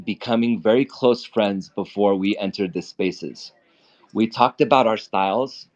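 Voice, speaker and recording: A man's voice: on the low side, darkish tone. A man hosting a casual live trading talk, blunt and profane, who often repeats and restarts his words. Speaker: stock trading host. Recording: dull lo-fi audio.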